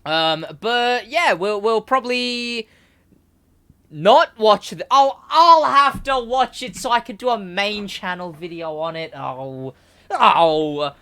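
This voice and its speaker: A young man co-hosting a casual podcast, rambling and animated, laughing often. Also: high-pitched, takes it slowly, clear, resonant tone. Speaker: podcast co-host, gaming segment host.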